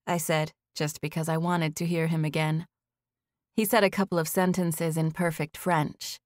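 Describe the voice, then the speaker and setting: A woman narrating an audiobook in the first person with intimate, steady storytelling from a recording booth. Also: low voice, normal speed, dry recording, clean studio sound.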